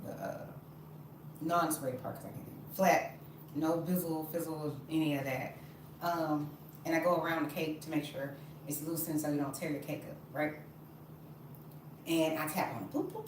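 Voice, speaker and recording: Far from the mic, a woman with a low-pitched voice bakes at home while chatting expressively and casually to her live-stream viewers. The sound is noisy, off-mic, and very echoey.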